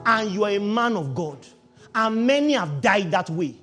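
A man preaching a sermon with an emphatic, animated delivery, swinging from quiet explanation to loud outbursts. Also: sits high, moderate pace, over music.

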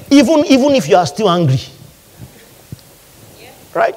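Male preacher, high and lively, leading call-and-response in a sermon. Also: moderate pace, long pauses.

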